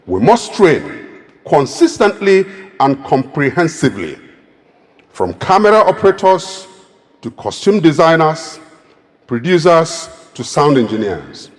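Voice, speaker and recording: A man's voice: mid-range voice, big pitch swings, measured pace, long pauses, slightly rough. Emphatic man giving a speech in a hall. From Nigeria. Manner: emphatic, lists points by number. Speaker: speaker at a meeting. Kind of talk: prepared public speech. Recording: long reverb of a hall.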